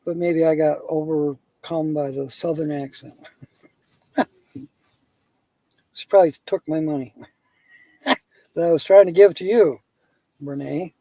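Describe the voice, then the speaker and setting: A man's voice: on the high side, steady tone, slow pace, pauses often, warm tone, no echo. A man hosting a live stream, rambling through casual chat and telling jokes while chuckling at them.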